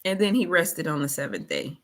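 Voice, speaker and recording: A woman's voice: sits low, very animated, fairly quick, a bit bright. A woman hosting a motivational faith talk, colloquial, preachy and repetitive. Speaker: host.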